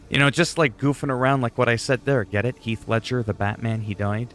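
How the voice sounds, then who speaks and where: A man's voice: mid-range voice, fairly quick, few pauses, a bit bright. A man chatting casually on a gaming livestream, rambling and goofy, often poking fun at himself. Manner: rambling, goofy, self-deprecating.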